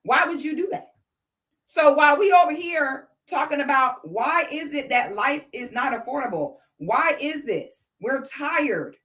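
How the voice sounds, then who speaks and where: A woman's voice: high-pitched, expressive, unhurried, a bit bright. A woman, ranting bluntly and sassily on a livestream. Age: 30s. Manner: blunt, sassy, profane. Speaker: livestream host. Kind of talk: casual commentary rant.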